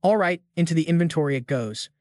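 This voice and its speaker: A man's voice: fairly high pitch, animated, quick pace, darkish tone, dry recording, clean studio sound, natural voice. A man voicing a laid-back, cocky young hero in a comic recap, speaking casually in slang.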